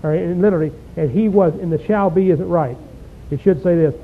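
A man delivers a sermon, reading scripture and stopping to ask his listeners pointed, folksy questions. His voice sits high, and the recording is thin and phone-like with a faint low rumble underneath. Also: a little fast. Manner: rhetorical questions, folksy asides. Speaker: preacher.

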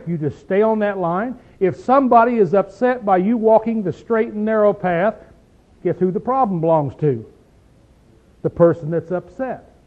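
A man preaching a conversational Bible study in a folksy, emphatic way, often checking in with "see?" and "okay?" and clearing his throat. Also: high-pitched, moderate pace. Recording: tinny phone-like sound.

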